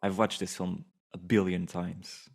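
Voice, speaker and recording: A man co-hosting a casual film-review podcast. He speaks in a relaxed, thoughtful way and often restarts his sentences. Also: sits low, a little slow. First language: Portuguese. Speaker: podcast co-host.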